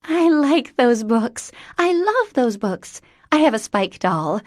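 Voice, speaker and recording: A female narrator puts on a bubbly, wide-eyed young woman with a childlike, eager way of talking, her pitch leaping up and down in a lively sing-song. The sound is dry and close, like an audiobook booth. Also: slow pace, no echo. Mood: excited. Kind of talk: audiobook character voice.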